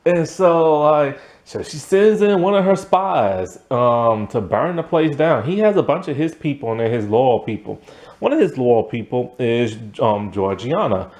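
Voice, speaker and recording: A young man talks through a TV series in a loose, rambling way, full of ums and likes and quick chuckles. His pitch swings up and down a lot as he goes, lively and expressive at a middling pitch. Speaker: TV series reviewer. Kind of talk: casual spoken review.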